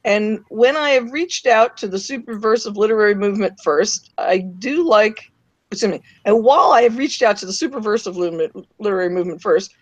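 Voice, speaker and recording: A woman's voice: mid-range voice, a little fast, dry recording, dull audio. A woman co-hosting an online panel, chatting and reading a guest's message aloud with small self-corrections. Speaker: co-host. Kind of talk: casual roundtable chat and reading aloud.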